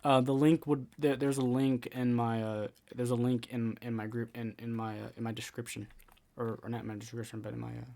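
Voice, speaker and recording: A man at medium pitch talks viewers through a game building tutorial in a loose, casual way. He restarts his sentences often and repeats words as he goes. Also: level tone, a little fast, creaky, mellow.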